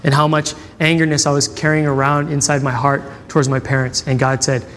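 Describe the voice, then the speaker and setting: A man's voice: mid-range voice, flat delivery, a little fast, fairly bright tone, big-room sound, slight background noise. A man preaching a sermon, telling personal stories in a conversational way and acting out the dialogue. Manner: conversational, acts out quoted dialogue. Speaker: pastor.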